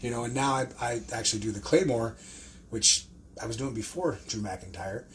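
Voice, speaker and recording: Man, podcast host, casual storytelling, swears freely, acts out quotes, mid-pitched voice. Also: normal speed, a little hiss or hum. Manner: profane, animated storyteller who acts out quotes. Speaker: podcast host and pro wrestler.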